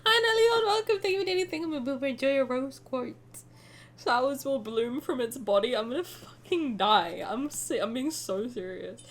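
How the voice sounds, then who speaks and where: A young woman streaming a game reaction, excitable and gushing, laughing and swearing. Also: high-pitched, moderate pace.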